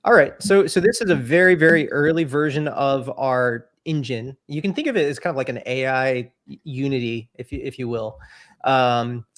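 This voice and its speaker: A man casually demoing software over a video call, thinking aloud with fillers and restarts. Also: medium pitch, normal speed. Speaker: developer demoing a product. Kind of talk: casual live-stream demo.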